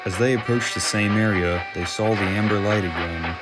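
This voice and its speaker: Low-voiced male storybook narrator over music. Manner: steady storyteller reading with dramatic pauses.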